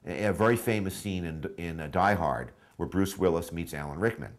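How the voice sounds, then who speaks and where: Deep-voiced man telling a rambling anecdote. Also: normal speed. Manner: rambling anecdotal storyteller with many fillers. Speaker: screenwriter. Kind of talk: documentary interview.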